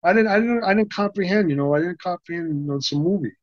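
An older man spins a profane, animated story as an interview guest, starting over and over again mid-sentence. His voice sits a little higher than most men's. The sound is dry and a bit muffled. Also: fast, no room sound. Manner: animated, profane, full of restarts and laughs. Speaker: interview guest, stuntman and actor.

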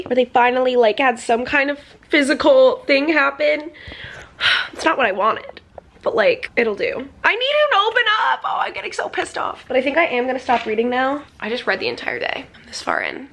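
Chatty woman with a higher voice. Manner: chatty and emphatic, peppered with "like" and swearing. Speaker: book vlogger. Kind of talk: casual reading vlog chat.

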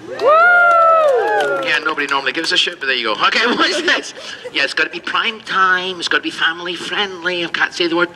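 A man's voice: sits high, animated, a little fast, heavy background noise. A man performing as a street magician, doing cheeky comedy patter and bantering with the crowd at an outdoor show.

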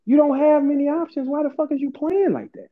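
A man hosting a casual chat, ranting with big swings in his voice. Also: fairly quick. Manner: animated ranting, swings high and low. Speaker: host. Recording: tinny phone-like line.

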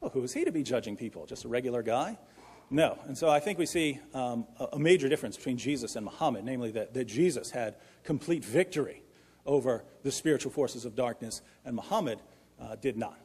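Husky man debating in an echoey hall. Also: medium pitch, expressive, a little fast, a little mellow. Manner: earnest, pleading, with frequent restarts. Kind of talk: formal debate argument. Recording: echoey hall with long reverb.

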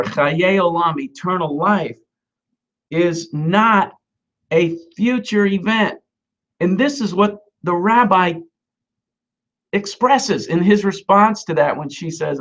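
A man's voice: on the high side, gravelly, dull audio. A man, a messianic rabbi, preaching a conversational sermon and stressing repeated Hebrew words. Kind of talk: sermon teaching on scripture.

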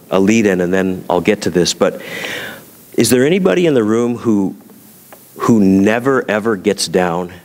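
Low-voiced pastor preaching in a reverberant hall. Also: male voice. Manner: conversational preaching with rhetorical questions. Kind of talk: sermon.

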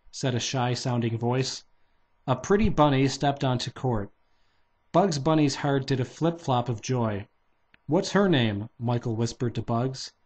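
A man's voice: mid-range voice, a little mellow, husky. Man reading a kids' book aloud. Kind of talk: casual read-aloud of a children's novelization.

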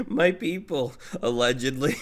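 A man hosting a reaction video, chatting and laughing at the clip. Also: mid-range voice. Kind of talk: reaction commentary.

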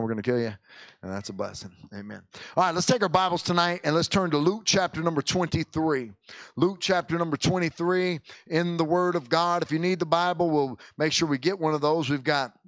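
A man's voice: a little high, a bit bright, no echo. A male pastor making casual, folksy church announcements in the sanctuary, chatty and often breaking off mid-sentence. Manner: folksy, chatty, self-interrupting.

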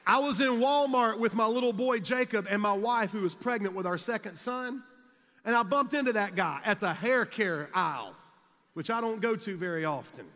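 Preacher, forties, energetic and jokey, high sharp voice, long hall reverb. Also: male voice, normal speed. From South Carolina, US. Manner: energetic, jokey, builds to shouts. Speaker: youth conference speaker. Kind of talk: humorous storytelling sermon. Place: large conference hall. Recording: echoey large hall.

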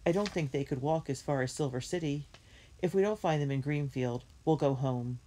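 A woman's voice: low-pitched, moderate pace, dark tone. A woman reading as a grumbling baker. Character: grumbling grown man, a baker. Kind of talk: storybook reading.

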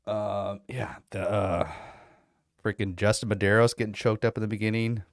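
A man with a low voice tells loose, rambling stories, swearing freely and leaning on fillers like "like" and "you know". He sounds close and dry, with no room echo at all. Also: level tone, moderate pace, vocal fry. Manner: rambling, profane storytelling with fillers; mimics other people in quoted bits. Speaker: vlogger. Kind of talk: casual chat.

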